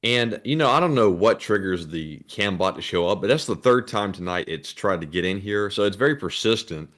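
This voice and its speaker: A man co-hosting a livestream, reading out viewer messages in a steady announcing way and chatting casually. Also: lowish voice, brisk.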